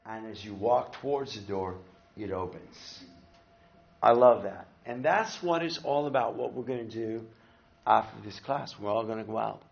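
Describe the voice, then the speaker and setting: A man's voice: on the low side, moderate pace, vocal fry, muffled recording. A man teaching a church class, telling a story animatedly and acting out the people in it. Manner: animated storyteller who acts out quotes. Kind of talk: storytelling sermon talk.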